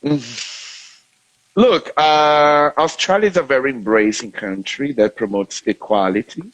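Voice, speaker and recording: A man's voice: mid-range voice, unhurried, fairly bright tone, dry recording, rough recording. A man from Brazil with a Brazilian accent speaking English, a guest talking casually over a video call, with many fillers and restarts. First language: Portuguese.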